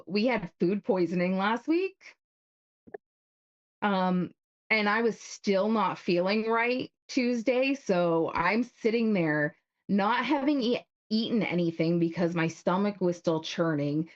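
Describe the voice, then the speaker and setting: A woman's voice: mid-range voice, slow, dull audio. A woman co-hosting a live stream in casual chat, talking frankly and swearing freely when she is worked up. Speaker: co-host.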